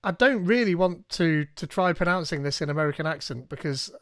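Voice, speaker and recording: A man's voice: a little high, lively intonation, fairly quick, fairly bright tone, no room sound, clean studio sound. Chatty man walking through a tutorial. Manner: chatty, thinking aloud, reading instructions. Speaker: tech streamer. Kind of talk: live tutorial walkthrough.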